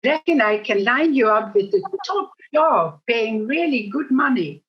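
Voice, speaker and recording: A woman's voice: on the high side, very animated, a little slow. An older woman voicing an amazed, chatty male pub landlord with an eager, exclaiming manner in a joke she tells, on a dull lo-fi recording.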